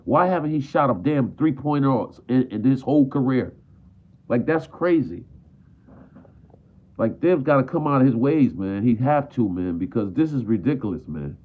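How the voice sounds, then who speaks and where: A frustrated man vents about his team on a live stream, circling back to the same complaints again and again. His voice sits at an ordinary pitch and comes through thin and phone-like. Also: animated, moderate pace. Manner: frustrated, repetitive, peppers talk with "man". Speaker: basketball fan streamer. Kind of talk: live stream sports rant. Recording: tinny phone-like audio.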